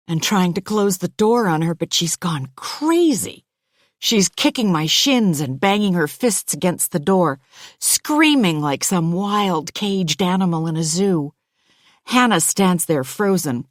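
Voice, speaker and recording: A woman narrating a thriller audiobook in the first person, measured and even. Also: deep voice, dry recording, clean studio sound.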